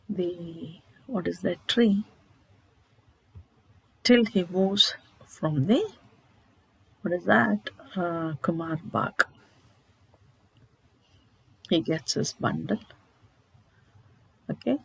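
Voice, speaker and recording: A woman's voice: on the low side, takes it slowly, creaky, pauses often, husky, poor audio. A woman teacher retelling a short story in a literature lesson, asking herself questions and checking in with "okay?". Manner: explanatory, asks rhetorical questions, checks with "okay?".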